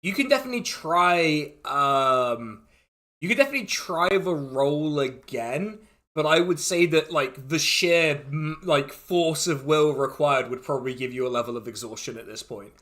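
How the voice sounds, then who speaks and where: A man running a tabletop game with a casual, easygoing delivery, his voice sitting a little high. He explains the rules loosely and breaks into chuckles. The pace is conversational and unhurried. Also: bright, forceful tone. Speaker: dungeon master.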